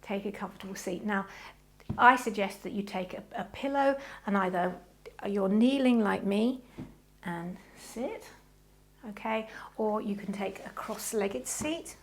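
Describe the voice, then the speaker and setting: A woman leads a yoga class with a gentle, reassuring manner. Her voice carries a gravelly, fry-tinged texture at a middle pitch. She chats warmly between slow, soft breathing cues. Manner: gentle, reassuring, chatty with frequent "okay". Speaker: yoga teacher. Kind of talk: guided yoga class instruction.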